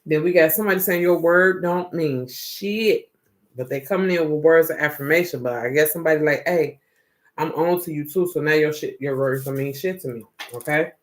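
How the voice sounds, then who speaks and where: A man's voice: fairly high pitch, fast. Profane rambling tarot reader, man. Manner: profane, rambling, slangy and animated. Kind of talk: casual tarot reading monologue.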